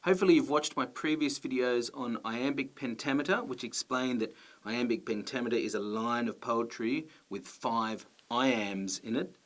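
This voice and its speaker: A man presenting a video lesson as a teacher, explaining step by step in a clear, methodical way with the odd "uh" or "um". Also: mid-range voice, fairly bright tone. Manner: clear, methodical explaining with occasional ums and uhs.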